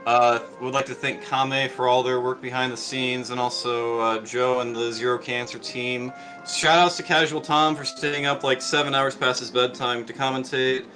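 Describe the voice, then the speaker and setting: A man's voice: mid-range voice, steady tone, normal speed, bright, forceful tone, faint music behind, poor audio. A middle-aged man chatting casually after a speedrun, rambling with lots of fillers and restarts. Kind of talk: casual post-run chat.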